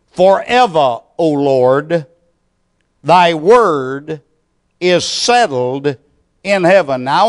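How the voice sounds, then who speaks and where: Brief: male pastor, fairly high voice, unhurried measured sermon and prayer. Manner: slow, deliberate preaching with measured pauses.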